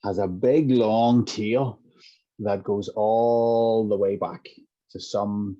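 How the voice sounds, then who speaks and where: Middle-aged man, guest, mellow low voice, reflective and explanatory, muffled lo-fi recording. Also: steady tone, slow pace. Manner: reflective, walks through examples with hypothetical dialogue. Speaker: guest, compassionate inquiry practitioner. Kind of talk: explanatory interview talk. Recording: dull lo-fi audio.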